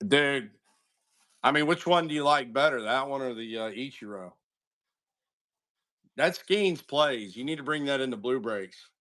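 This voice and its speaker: Hosting a live card break stream, a talkative man greets viewers by name while wandering from team rundowns into rambling, aside-filled stories. His medium-pitched voice is bright and forceful with lively intonation, and he speaks unhurriedly, leaving long pauses in his loose, conversational chat.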